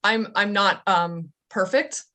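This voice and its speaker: A woman coach answering as an interview guest in a reflective, measured way. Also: mid-range voice, sharp tone.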